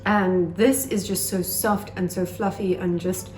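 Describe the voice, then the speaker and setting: A woman's voice: on the low side, steady tone, a little slow, darkish tone. A woman hosting a casual home cooking vlog, bubbly and gushing, talking fondly to her bread as she bakes. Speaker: cooking vlogger. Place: home kitchen. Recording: echoey room, faint music.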